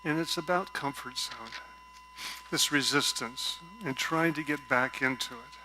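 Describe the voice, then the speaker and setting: A man preaching a gentle, reflective sermon from a stage at a spiritual center, telling a story and often dropping to a soft voice. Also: mid-range voice, a little slow, noisy background. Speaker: guest speaker at a spiritual center.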